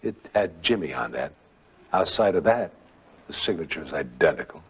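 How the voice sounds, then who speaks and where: An older man telling a ghost story in a rambling, conversational way, with dramatic pauses and acted-out quotes. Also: extremely low pitch, lively intonation, husky.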